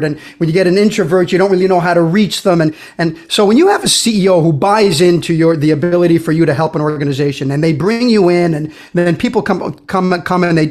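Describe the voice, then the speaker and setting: A man with a fairly high voice hosts a podcast and asks long questions in a casual way. He often trails off and restarts his sentences as he works toward his point. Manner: rambling with many restarts. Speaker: podcast host.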